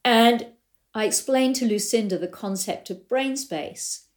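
A woman's voice: on the high side, unhurried. A middle-aged woman, a riding coach, explaining ideas in a storytelling way and acting out the exchanges she quotes. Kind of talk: explanatory talk with anecdotes.

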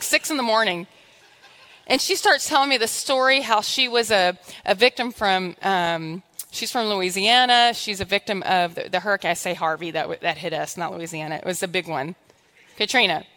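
A woman's pushed, bright voice, on the high side, rings through a church sanctuary with long hall reverb. She preaches a sermon, telling lively stories and performing her own dialogue with God.

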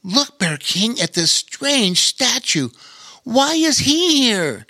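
A man's voice: very high-pitched, very animated, takes it slowly, sharp tone, no room sound, studio quality, voice pushed up, full character voice. A man voicing a curious young otter in a children's story, asking eager questions.

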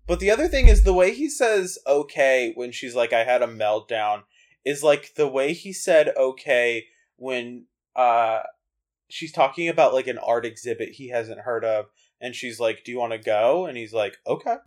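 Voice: mid-range voice, animated, a little slow. A co-host in casual chat about a TV episode, talking thoughtfully with many hesitations. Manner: thoughtful, hesitant, full of ums. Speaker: podcast co-host.

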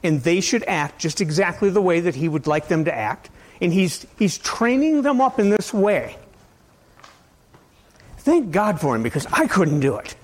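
A male pastor with a fairly high voice preaches a casual, rambling sermon. His pitch leaps up and down as he asks his listeners question after question, now loud, now soft. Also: very animated, moderate pace. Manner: conversational, asks the audience many questions.

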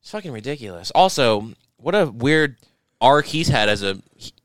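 A man's voice: mid-range voice, big pitch swings, moderate pace, dry recording. A young man co-hosting a casual podcast, ranting in a rambling, profane, mocking way. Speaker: podcast co-host. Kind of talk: casual rant.

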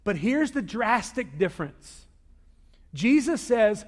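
A man preaching a sermon as a pastor, swinging from loud emphasis to quiet asides. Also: sits high, animated, normal speed. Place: church sanctuary. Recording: long reverb of a large hall.

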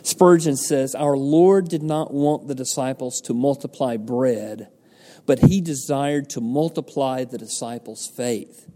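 Male pastor, unhurried, mellow tone, earnest sermon delivery, long hall reverb. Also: mid-range voice. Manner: earnest preaching, poses rhetorical questions and answers them.

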